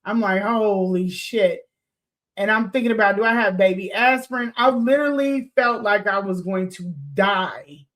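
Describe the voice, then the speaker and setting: A woman in her forties hosting a podcast, telling a personal story in a loose, animated way, swearing freely and acting out what people said. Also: mid-range voice, moderate pace, hardly any pauses. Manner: animated, swears freely, laughs, acts out quotes. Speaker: podcast host. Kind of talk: casual storytelling to listeners.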